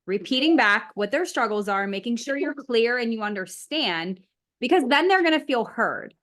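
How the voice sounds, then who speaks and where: Woman calmly walking through sales steps. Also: a little high, moderate pace. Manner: explanatory, steady, talks through steps. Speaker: co-presenter and team member. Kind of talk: casual training call.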